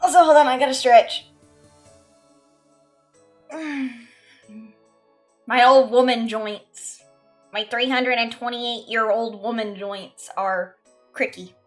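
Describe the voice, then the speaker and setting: A woman's voice: fairly high pitch, slow, pauses often, soft background music. A woman streamer chatting casually while gaming, self-mocking and swearing freely. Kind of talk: casual game streaming chat.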